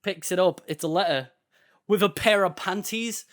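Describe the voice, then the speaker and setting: Young man, high voice, laid-back storytelling, podcast co-host. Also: normal speed, fairly bright tone. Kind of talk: casual chat.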